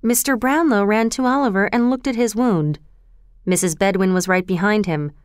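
A woman narrating a storybook in an even, clear reading manner. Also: mid-range voice, normal speed, no room sound, studio quality.

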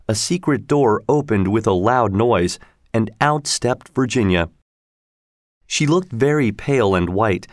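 A man's voice: medium pitch, no room sound. Man reading a storybook, dry and close. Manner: steady, measured reading. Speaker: narrator. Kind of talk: storybook narration.

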